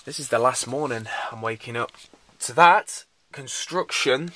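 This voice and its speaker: A young man, vlogging casually about his trip and getting loud and excited when he meets his friends. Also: medium pitch, measured pace. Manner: chatty, gets excited and shouty with friends. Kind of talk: casual travel vlog. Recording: noisy handheld camera audio.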